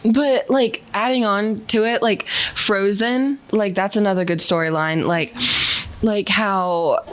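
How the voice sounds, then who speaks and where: A teenage girl with a middle-pitched voice chats on a student podcast. She rambles, fills her sentences with "like", and laughs between thoughts. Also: fairly even intonation, slow pace. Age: teens. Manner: rambling, heavy use of "like", laughs often. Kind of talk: casual chat.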